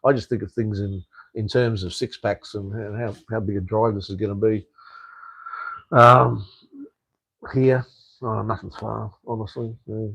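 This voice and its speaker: Gravelly, blunt Australian man on a live stream. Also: on the low side, fairly even intonation, unhurried, long pauses, a bit bright, no echo, rough recording. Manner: blunt, rambling, swears freely, says "mate" a lot. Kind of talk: casual live stream chat answering viewer comments.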